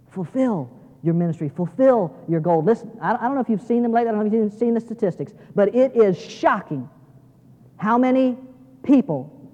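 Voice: mid-range voice, a little mellow, dull audio. A guest preacher speaks in a mid-range voice to seminary students, with the long reverb of a large chapel. The delivery is folksy and down-to-earth, full of small restarts. It grows emphatic and repetitive whenever the main point comes back. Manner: emphatic, repeats key phrases.

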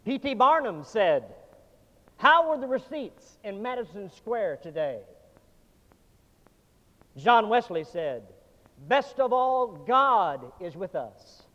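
Slow and full of pauses, a high-pitched pastor preaches a sermon with a sing-song lilt, moving dramatically between booming proclamations and near-whispers. His voice rings through the long reverb of a church sanctuary on dull, lo-fi audio.

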